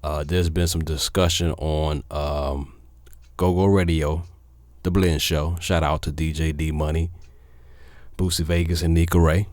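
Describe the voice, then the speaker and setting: A man, a DJ talking casually to his viewers, filling pauses with "um", then turning animated and emphatic. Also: extremely low pitch, no room sound. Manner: laid-back with many fillers, then animated and emphatic. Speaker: DJ and vlogger. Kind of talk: casual talk to camera.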